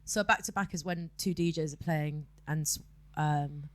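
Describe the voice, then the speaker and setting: A woman's voice: deep voice, moderate pace, no room sound. A woman guest DJ chatting casually on a podcast, filling her talk with ums and repeated yeahs.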